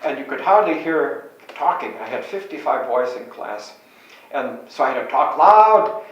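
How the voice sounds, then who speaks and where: A man's voice: medium pitch, expressive, normal speed, highs cut off. An older man from Chicago, a Catholic priest, telling anecdotes from memory in a meandering way and often correcting himself mid-sentence. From Chicago, USA. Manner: meandering, self-correcting storyteller. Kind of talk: reminiscing anecdotes. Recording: very echoey room, distant mic.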